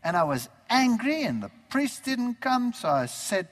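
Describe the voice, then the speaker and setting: Man preacher, high voice, lively storyteller who acts out the dialogue; long hall reverb. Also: measured pace. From Germany. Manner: animated storytelling, acting out remembered dialogue. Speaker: preacher giving his testimony. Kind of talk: storytelling sermon testimony.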